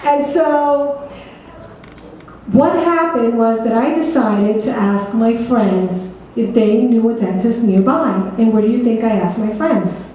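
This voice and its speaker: Speaking slowly in a fairly high, mellow voice, this woman from New Jersey leads a seminar in a meeting room and calls on her audience by name with questions. Her New Jersey accent comes through, and the distant recording picks up room echo and a little background noise.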